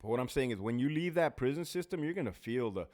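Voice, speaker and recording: This former prison officer hosts a laid-back talk show, cursing freely as he spins stories and reads off viewers' names. His mid-range voice moves fast, with lively intonation and a slightly mellow quality.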